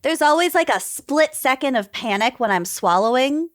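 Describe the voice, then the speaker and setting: A woman's voice: high voice, lively intonation, moderate pace, a bit bright. A woman co-hosting a casual podcast, chatty and wry. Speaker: podcast co-host. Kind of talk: casual chat.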